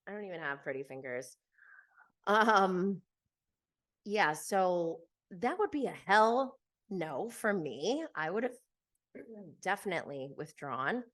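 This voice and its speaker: This podcast host is a woman with a lowish, slightly bright voice and lively intonation, speaking slowly with frequent pauses. Her talk is a casual, animated reality TV recap, peppered with laughter and filler words.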